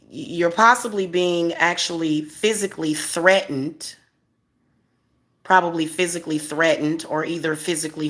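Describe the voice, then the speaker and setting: A woman's voice: sits low, fairly bright tone. A woman hosting a casual livestream as a spiritual reader, talking straight to her viewers in an emphatic, repetitive way and chuckling often.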